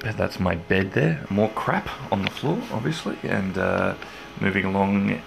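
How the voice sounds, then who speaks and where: A man's voice: low voice, gravelly, noisy background. A man, a filmmaker, giving a rambling, tired tour of his room for a casual vlog.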